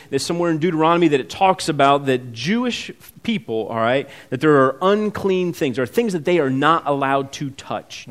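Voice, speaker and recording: A man preaching a sermon who asks the congregation questions, swings between loud emphatic peaks and quiet asides, and acts out the characters' words as he reads. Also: mid-range voice. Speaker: pastor.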